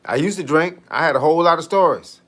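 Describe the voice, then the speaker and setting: A man with a fairly high voice chats loosely on a live stream, joking as he answers viewers. He talks in heavy slang with a laid-back, playful manner. He is a middle-aged fitness coach hosting his own show. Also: fast talker, a bit bright. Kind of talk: casual live-stream chat, reading viewer comments.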